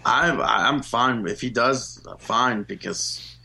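An opinionated man co-hosting a podcast, standing by his views while keeping the tone easygoing. His voice has an ordinary, mid-range pitch. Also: takes it slowly, vocal fry, sharp tone. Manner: opinionated, defends his views in a laid-back way. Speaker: podcast co-host. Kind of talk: casual wrestling podcast chat.

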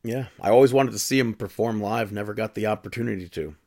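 A man co-hosting a podcast in a relaxed, chatty way, often laughing. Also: lowish voice, quick pace. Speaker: podcast co-host. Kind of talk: casual chat.

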